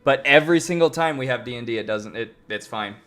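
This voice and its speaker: An easygoing man chatting casually during a tabletop game, with a mid-pitched voice. Faint music plays behind him. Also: quick pace, a bit bright. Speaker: player. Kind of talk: casual chat.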